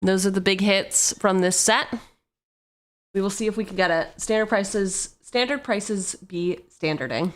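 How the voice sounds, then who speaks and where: Slow-talking playful woman streamer. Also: mid-range voice. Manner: playful, jokey asides, sings snatches of song. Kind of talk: casual livestream chat while opening card packs.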